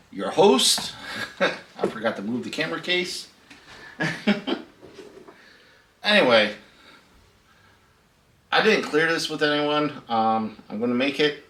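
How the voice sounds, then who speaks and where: A man's voice: mid-range voice, sharp tone, distant mic, a little hiss or hum. A middle-aged man, hosting a casual storytelling vlog in a laid-back, chatty way and laughing at his own story. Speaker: host. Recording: echoey room, voice a bit off-mic.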